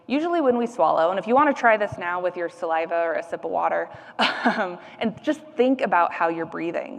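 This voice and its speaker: A woman's voice: fairly low pitch, animated, fairly quick, gravelly, big-room sound. A woman speech-language pathologist giving an educational presentation, explaining patiently with frequent fillers and demonstrating sounds.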